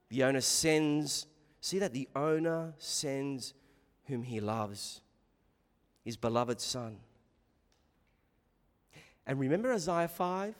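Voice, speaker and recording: Emphatic preacher with hall reverb. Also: male voice, fairly high pitch. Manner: dynamic, swings between loud emphatic bursts and hushed asides. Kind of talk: expository sermon.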